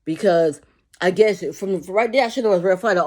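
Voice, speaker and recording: A woman's voice: mid-range voice, brisk, a little mellow. A woman who works with young children, venting in a rambling, profane way and repeating herself as she tells a story about work. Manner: acts out quotes of coworkers. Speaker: childcare worker. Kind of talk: casual venting monologue.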